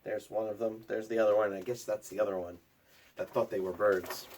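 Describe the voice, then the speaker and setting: A man teaching a library class for children, explaining picture books and reading one aloud with lively shouted lines. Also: lowish voice, a little fast, slight background noise. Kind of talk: storybook read-aloud lesson.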